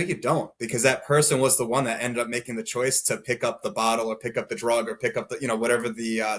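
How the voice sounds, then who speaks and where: Podcast guest, man, late 20s, mid-pitched, loose rambling storyteller heavy on "like". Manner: rambling, many filler "like"s, laughs through dark moments. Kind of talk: casual storytelling.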